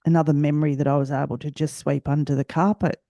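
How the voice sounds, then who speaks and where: An Australian woman hosting a personal storytelling podcast, speaking reflectively and haltingly and often repeating herself. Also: low-pitched, little pitch movement, warm tone, no echo, clean studio sound. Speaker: podcast host.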